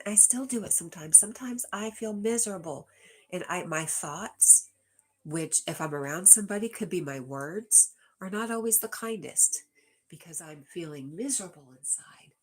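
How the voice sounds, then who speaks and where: Female livestream host, deep and breathy, talks straight to her chat, slips into whispers now and then. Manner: reads comments aloud and answers viewers directly, drops to a whisper at times.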